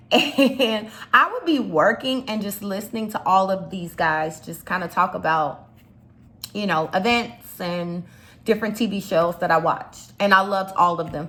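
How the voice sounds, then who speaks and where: Woman, slight Chicago accent, bright clear tone, casual rambling vlog chat, lots of ums and likes. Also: medium pitch. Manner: chatty, rambling, lots of fillers and asides. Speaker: YouTube commentator.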